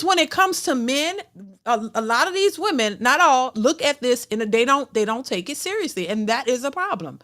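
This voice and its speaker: A woman's voice: high voice, pushed and bright. A woman hosting a reaction channel, giving opinionated commentary that is full of restarts and stammers.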